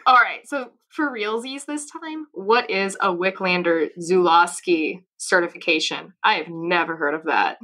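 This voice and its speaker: A woman's voice: lowish voice, unhurried, hardly any pauses, pushed and bright. A woman hosting a casual interview, asking playful, teasing questions. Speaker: interview host.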